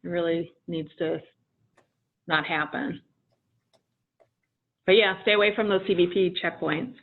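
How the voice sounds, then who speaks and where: A woman giving a measured, explanatory webinar presentation on legal matters, with frequent ums. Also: on the low side. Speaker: immigration attorney presenter. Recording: tinny phone-line audio.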